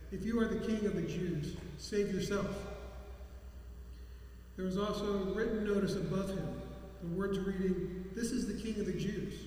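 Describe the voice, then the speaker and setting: A man reading scripture aloud in a church service, halting and restarting now and then. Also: sits high, a little mellow, heavy reverb, big-room sound, a little hiss or hum. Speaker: scripture reader.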